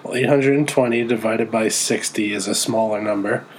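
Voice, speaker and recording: A man's voice: on the low side, fairly even intonation, moderate pace, very noisy. A man co-hosting a casual podcast, joking around, laughing often and reading out history items. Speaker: podcast co-host. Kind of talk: casual chat.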